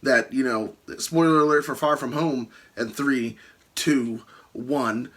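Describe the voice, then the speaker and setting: A man's voice: medium pitch, takes it slowly. A young man hosting a casual video, animatedly spinning out a movie idea and acting out the scenes. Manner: animated storytelling, acts out scenes. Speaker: YouTube host. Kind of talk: casual movie-fan chat.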